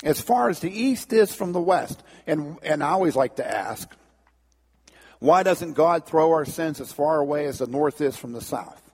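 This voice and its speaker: A man's voice: a little high, lively intonation, normal speed, a little mellow, husky. A man preaching a sermon in a folksy, conversational way, in a long church reverb. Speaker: pastor. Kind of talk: sermon with storytelling.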